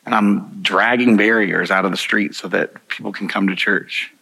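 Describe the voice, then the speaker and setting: A man's voice: lowish voice, steady tone, moderate pace, vocal fry, bright, forceful tone, poor audio. A man preaching a sermon, telling personal stories in an earnest way, chuckling often and restarting his sentences. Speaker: pastor.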